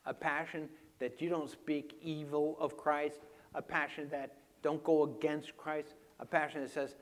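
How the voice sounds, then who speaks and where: A man preaching a sermon with slides, moving from quiet reflection to loud, emphatic passages. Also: a little high, level tone, a little slow. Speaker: pastor.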